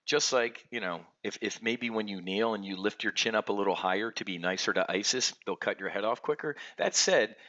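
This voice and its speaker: An American man rants angrily as he hosts a trading show, stumbling and restarting mid-sentence. His voice sits a little low but comes out bright and forceful. The recording is dull and lo-fi. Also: normal speed. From United States. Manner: angry, ranting, many restarts and stammers. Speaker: options trading show host. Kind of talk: ranting market commentary. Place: home office with trading computers.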